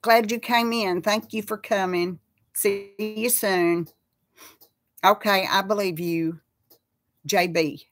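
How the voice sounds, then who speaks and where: A woman's voice: mid-range voice, steady tone, takes it slowly, pauses often. A woman hosting a casual live chat, talking with viewers and reading out their names. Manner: chatty, reads out viewer names.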